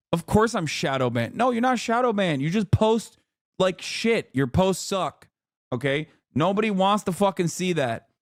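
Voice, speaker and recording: High-voiced man ranting on a stream. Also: no echo, studio quality. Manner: incredulous, profane, animated ranting. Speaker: streamer reacting to videos. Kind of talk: casual live-stream commentary.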